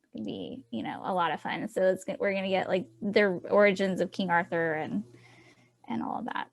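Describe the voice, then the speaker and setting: A Southern-accented woman chats as an author guest, rambling and quick to laugh at herself. Her voice sits at an everyday middle pitch for a woman. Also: steady tone, gravelly. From Tennessee, US. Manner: laughing, rambling, self-deprecating. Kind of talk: casual interview chat.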